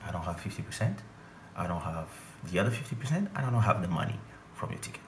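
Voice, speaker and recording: A man voicing a fed-up female tour manager who complains in a flat, low tone. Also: quick pace, a little hiss or hum. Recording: echoey room.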